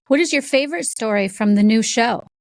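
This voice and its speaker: A woman hosting a podcast interview, asking questions and sharing personal asides in a relaxed way. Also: a little high, fairly quick, dry recording. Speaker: podcast host. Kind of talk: conversational interview.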